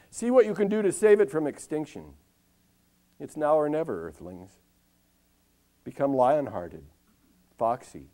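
An older man performing a wry, ironic comic monologue on a live stage, delivered like a newscast with dramatic pauses and long lists. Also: mid-range voice, dark tone. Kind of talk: comic spoken-word monologue with news-style delivery.

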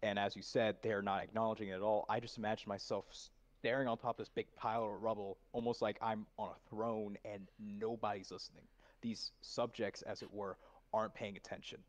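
Thoughtful low-voiced man in coaching. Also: little pitch movement, fairly quick. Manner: thoughtful, explaining his process at length. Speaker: voice actor being coached. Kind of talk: reflective conversation.

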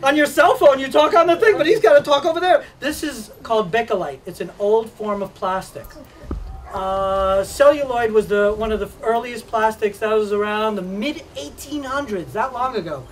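Man, high-voiced presenter teasing schoolkids, laughs a lot; distant mic. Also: normal speed, a little hiss or hum. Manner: teasing, jokey, laughs often. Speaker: museum presenter. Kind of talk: playful classroom demonstration for children. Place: school room with children.

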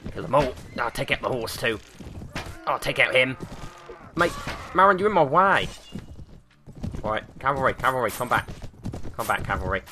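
A British man hosting a gaming channel, giving live gameplay commentary with excitable, sweary banter aimed at the characters on screen. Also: medium pitch, a little slow, pauses often, background noise.

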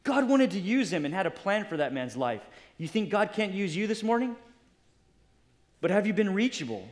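Man, pastor, sermon, high voice, impassioned, questioning the listeners. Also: sing-song, normal speed. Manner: impassioned, with direct questions to the congregation.

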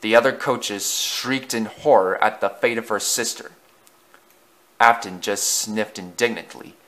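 A man's voice: fairly low pitch, a little slow, fairly bright tone. A man narrating a storybook as an amateur reader, with frequent slips and self-corrections.

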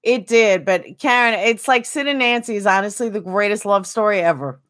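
A woman's voice: mid-range voice, normal speed, fairly bright tone. A woman streaming a game, chatting casually and answering viewers by name. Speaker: game streamer reading chat. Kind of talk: casual chat while gaming.

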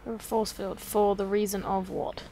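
A young woman giving casual, excitable gameplay commentary, swearing freely and talking to the characters on screen. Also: medium pitch, a little slow, a little hiss or hum. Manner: excitable, swears a lot, talks to the game characters. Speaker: let's play host.

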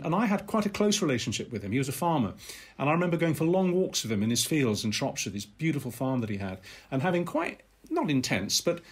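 Older male guest, raspy, rapid, very expressive storyteller with halting restarts. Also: a little high. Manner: animated, halting restarts, acts out voices. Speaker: podcast guest. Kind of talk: anecdotal storytelling.

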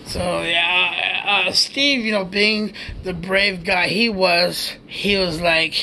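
A man's voice: sits high, fairly even intonation, slow pace, pushed and bright, a little hiss or hum. A man from the United States telling a rambling, profane story in a casual way, laughing as he goes.

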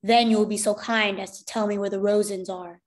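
A woman's voice: on the high side, steady tone, normal speed, lightly acted. A woman reading aloud, voicing a harsh adult male officer who barks cold, demanding orders.

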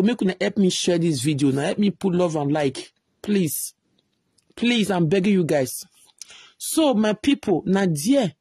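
A woman speaking Nigerian Pidgin English, rambling and animated as she comments on gossip and pleads with her viewers. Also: lowish voice, husky, no room sound, clean studio sound. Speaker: online commentator.

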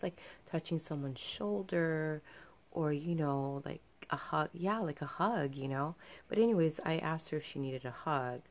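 A woman's voice: deep voice, darkish tone. A young adult woman telling a personal story in a casual vlog, chatty and earnest, full of fillers. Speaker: vlogger.

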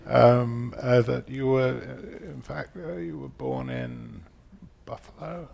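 A man's voice: medium pitch, takes it slowly, vocal fry, darkish tone. An older man moderating an interview on stage at a public talk, putting in dry, teasing remarks between his questions.

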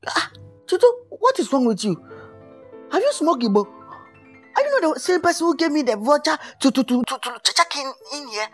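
A woman's voice: high voice, big pitch swings, fairly quick, soft background music. A woman playing a heartbroken Nigerian pop star. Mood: distraught. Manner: dramatic, repeats itself, wailing. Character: heartbroken, showy male pop musician. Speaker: comic actor. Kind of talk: comedy skit acting.

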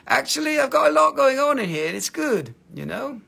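A man's voice: very high-pitched, big pitch swings, brisk, gravelly, few pauses, sharp tone, slightly rough. A man with an Appalachian accent hosting a casual livestream to sell minerals, joking around and rambling with lots of "you know". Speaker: livestream host selling minerals.

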